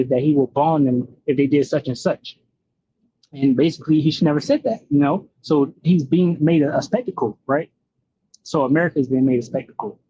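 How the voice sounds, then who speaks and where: Guy going through bible verses, lots of uh and right, kinda husky, dull lo-fi sound. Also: fairly high pitch, mellow, no room sound. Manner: many fillers and "right?" tags. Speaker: bible teacher. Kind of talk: scripture commentary.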